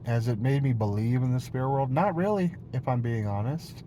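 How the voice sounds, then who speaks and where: A man's voice: medium pitch, brisk, warm tone, slight background noise. A man rambling playfully in a casual monologue video, jumping between topics and swearing freely. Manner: playful, silly tone. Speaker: vlogger.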